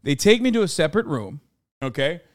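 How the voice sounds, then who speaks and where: Animated young man telling a story. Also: fairly high pitch, a little fast, no echo, studio quality. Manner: animated storytelling, acting out quotes, frequent swearing. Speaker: podcast host. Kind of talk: casual storytelling chat.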